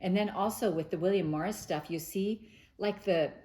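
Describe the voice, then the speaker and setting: Chatty low-voiced woman quilting host. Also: normal speed, warm tone. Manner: chatty and gushing, many fillers and restarts. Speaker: host of a quilting news show. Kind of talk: casual chat to camera.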